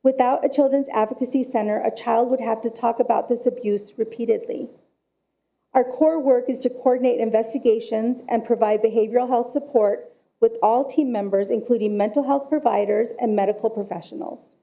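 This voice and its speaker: Woman speaker at council podium, higher bright tone, measured storytelling. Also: steady tone, gravelly. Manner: slow, measured storytelling delivery. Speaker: director of forensic services. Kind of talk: prepared public comment at council meeting.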